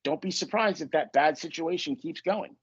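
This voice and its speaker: A man's voice: a little high, moderate pace, husky, muffled recording. A man hosting a podcast as a manifestation coach, telling stories in a casual, joking way with plenty of swearing. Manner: profane, joking, animated storytelling.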